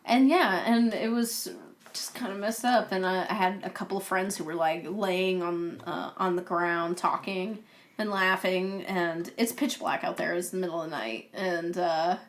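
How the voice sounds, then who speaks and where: A woman's voice: fairly low pitch, a little slow. A young woman co-hosting a podcast, telling a story in casual chat and laughing often as she goes. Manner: animated, laughs through her stories. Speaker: podcast co-host.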